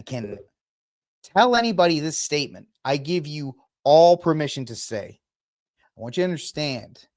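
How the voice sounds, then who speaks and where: A man hosting his own political commentary show, ranting in a heated, indignant way and piling up accusations. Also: on the high side. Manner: fiery, indignant ranting with repeated blame.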